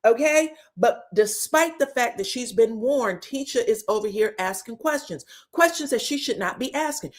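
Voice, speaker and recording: A woman with a slightly high voice talks at a normal pace with almost no pauses, hosting a casual reality TV recap. She's frank and profane, calls her listeners "baby" and "girl," and stays animated, breaking into stutters and outbursts as she gossips.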